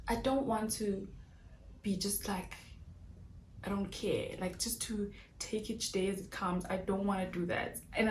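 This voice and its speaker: A woman in her thirties, vlogging in earnest and restless fashion, often restarting her sentences as she searches for words. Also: medium pitch. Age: 30s. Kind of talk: casual direct-to-camera vlog. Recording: echoey room with faint background noise.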